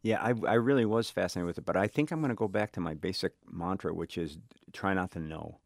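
Middle-aged chicago guy, south side accent, really low voice, thinks out loud with lots of restarts, dry sound. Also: creaky, no echo. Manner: thoughtful, halting, many restarts. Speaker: author guest. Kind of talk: reflective interview talk.

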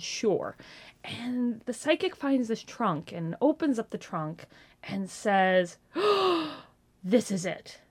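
A woman in her thirties, a ghost tour guide, telling stories in an animated way and acting out gasps and quotes in an interview. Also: medium pitch. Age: 30s. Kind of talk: storytelling interview.

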